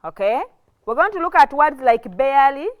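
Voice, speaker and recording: A woman giving a televised classroom lesson as a teacher, explaining slowly, repeating herself and often checking with "okay?". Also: high voice, lively intonation, phone-quality sound. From Uganda. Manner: slow, repetitive explaining, with frequent restarts and "okay?" checks. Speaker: English teacher.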